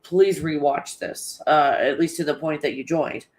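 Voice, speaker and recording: This livestream host speaks at a relaxed pace in a mid-range voice, reading out viewer comments and chatting casually. Laughter comes often, swearing runs throughout, and the whole thing wanders.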